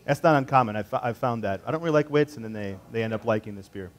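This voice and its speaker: A man in his thirties, representing a beer importer, leads a tasting class and tells a personal story in a casual, rambling way full of fillers and restarts. His voice sits on the low side, and he talks fast.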